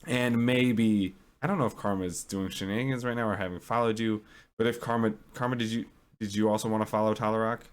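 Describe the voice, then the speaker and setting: A man's voice: fairly low pitch, steady tone, a little fast, smooth. A man narrating a tabletop role-playing game as its game master, in a rambling, hesitant way.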